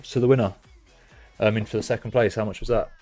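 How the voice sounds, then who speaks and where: A young British man chatting casually on a live stream, reacting loudly to results and bursting into cheers and swearing. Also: fairly low pitch, fairly even intonation, fast, faint music behind. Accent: British English. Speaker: streamer hosting a fantasy football stream. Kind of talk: casual live-stream chat, reading out chat messages.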